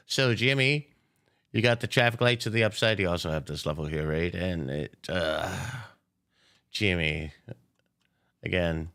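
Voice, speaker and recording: A man's voice: lowish voice, normal speed, a bit bright. A man hosting a live day-trading stream, chatting casually with viewers in a loose, playful way and swearing freely. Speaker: day-trading livestream host. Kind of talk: casual live market commentary.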